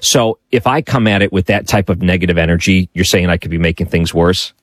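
A man hosting a late-night call-in radio talk show, chatty and musing out loud as he takes calls. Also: low voice, fairly even intonation, a little fast, dry recording.

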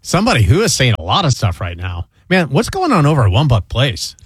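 A man's voice: mid-range voice, huge pitch swings, brisk, slightly rough, dry recording, studio quality. A middle-aged man from New York hosting a radio show, telling rambling self-deprecating stories in casual chat.

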